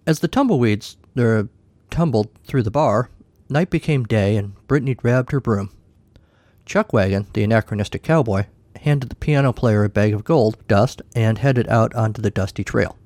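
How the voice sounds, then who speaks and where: A man's voice: lowish voice, moderate pace, a little mellow, dry recording. A man narrating a comic short story in a wry, dry way.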